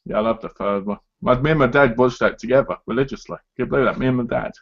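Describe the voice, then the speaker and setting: A man's voice: mid-range voice, fast, gravelly. A man hosting a casual live chat, talking in a chatty way and acting out other people's lines as he goes. His voice sits in an ordinary middle register. The audio is dull and lo-fi, like a home stream.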